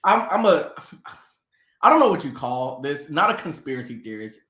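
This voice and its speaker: A man's voice: fairly high pitch, sing-song, normal speed, fairly bright tone. A man from Atlanta co-hosting a casual sports talk show, riffing playfully on jokes and laughing easily. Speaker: co-host. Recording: echoey room.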